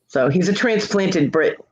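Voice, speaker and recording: A woman co-host in casual chat, animated and quick to laugh. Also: lowish voice, a little hiss or hum. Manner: animated storyteller, laughs often. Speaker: podcast co-host. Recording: dull lo-fi recording.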